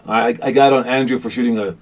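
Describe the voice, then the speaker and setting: Rambling, animated youth basketball coach man. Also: medium pitch, quick pace. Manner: rambling, animated, many restarts and fillers. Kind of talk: casual motivational talk to players.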